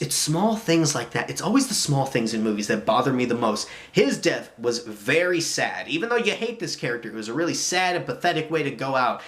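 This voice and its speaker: A man's voice: fairly high pitch, a bit bright. Exasperated man ranting in a movie review. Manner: restarts and repeats words when worked up. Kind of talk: casual video review.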